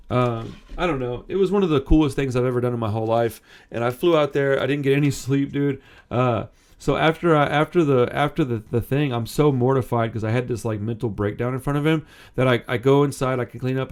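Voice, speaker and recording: A man's voice: mid-range voice, a little mellow. A man in his thirties hosting a punk music channel, telling a personal story in a rambling, self-interrupting way and swearing casually.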